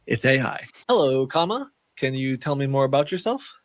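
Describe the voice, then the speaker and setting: A man's voice: medium pitch, fairly quick, dry recording. A man presenting a playful, mock-serious explainer video as a YouTuber.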